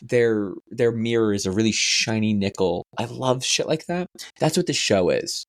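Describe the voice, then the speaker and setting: A man's voice: normal speed, no room sound, clean studio sound. Rambling, cussing podcast guy. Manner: profane, rambling storyteller who bursts into high-pitched voices. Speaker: podcast co-host. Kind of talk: casual chat.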